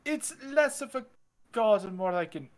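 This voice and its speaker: A man playing a tabletop game, speaking in a halting, unsure way. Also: high voice, lively intonation. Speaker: player. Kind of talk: tabletop role-play chat.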